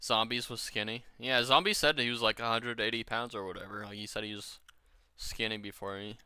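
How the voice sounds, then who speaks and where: A man from Washington talks his way through a gaming stream in a loose, rambling, profane way, a little drunk. His lowish voice is very bright and crisp. The sound is dry and close. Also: steady tone, fairly quick, no echo. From Washington state. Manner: rambling, profane, chatty with viewers. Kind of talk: casual stream chat.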